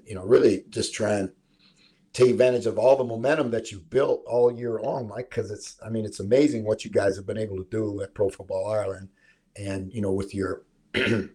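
Casting: low-voiced, husky man with a head cold, relaxed sports podcast host who rambles. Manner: laid-back, rambling with many fillers. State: hoarse from a cold. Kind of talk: casual sports chat.

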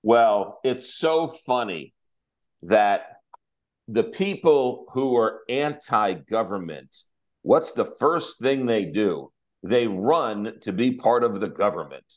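A man hosting a talk show, chatting about politics in an animated, repetitive, exasperated way. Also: fairly low pitch, takes it slowly. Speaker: radio talk host. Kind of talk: casual political chat.

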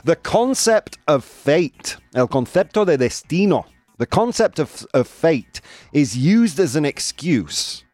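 A man's voice: on the high side, sing-song, slow pace, darkish tone, no echo, soft background music. A man hosting a live show in casual chat, playful and laughing, mixing in Spanish phrases. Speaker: host of a live daily show. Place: studio in Madrid.

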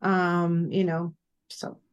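Woman guest, lowish voice, friendly and unhurried, lots of fillers. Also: level tone, smooth, muffled recording. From Canada. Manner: friendly, many fillers and restarts. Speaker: festival programmer guest. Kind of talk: casual podcast chat.

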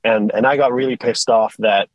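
A man's voice: medium pitch, moderate pace, no room sound, rough recording. Man telling stories. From Sweden. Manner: animated storyteller with frequent restarts. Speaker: guest, tilt rotator company executive. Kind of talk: casual conversational storytelling.

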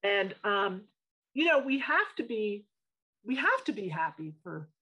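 Studio owner, woman, slightly husky voice; tells anecdotes with frank, lively emphasis. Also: mid-range voice, measured pace, low-quality recording. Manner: animated storyteller, emphatic and frank. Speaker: interior design studio owner. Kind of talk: casual interview storytelling.

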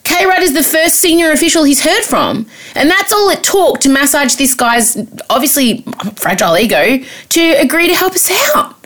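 Lively Australian woman podcast co-host. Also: high-pitched, moderate pace. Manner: animated, sweary storytelling with mock voices. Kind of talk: casual chat.

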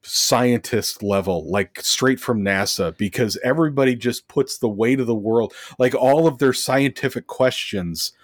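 A man with a mid-range voice, speaking at a measured pace with hardly any pauses, co-hosts a movie podcast in studio quality with no echo. During the casual review chat he reads from his notes, mocking and sarcastic, with many fillers.

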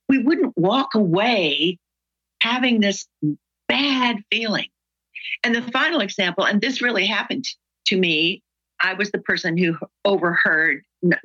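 A woman speaking as a guest on workplace conversations, telling stories and acting out dialogue with lively voice shifts. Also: mid-range voice, lo-fi sound. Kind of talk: animated storytelling interview.

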